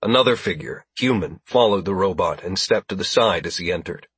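Brief: male narrator, low-pitched, husky, steady scripted narration, dry close mic. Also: fairly quick, no echo. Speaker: audiobook narrator.

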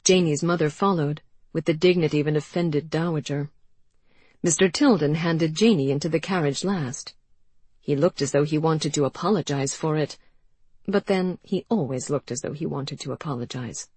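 A woman reading an audiobook in an even, measured storytelling manner. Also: low voice, slightly rough, dry recording. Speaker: audiobook narrator. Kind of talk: scripted narration.

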